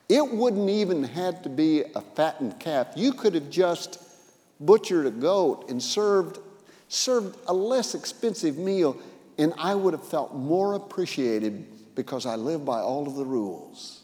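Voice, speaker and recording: A man preaching a sermon, retelling a parable with vivid acted-out quotes that swing between loud and soft. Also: a little high, very animated, measured pace, in a large hall. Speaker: pastor. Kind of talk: sermon storytelling.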